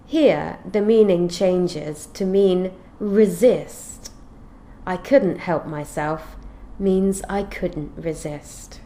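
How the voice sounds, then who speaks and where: A woman teaching an English grammar lesson, explaining clearly and reading out example sentences in a measured way. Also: fairly low pitch, warm tone, slight background noise.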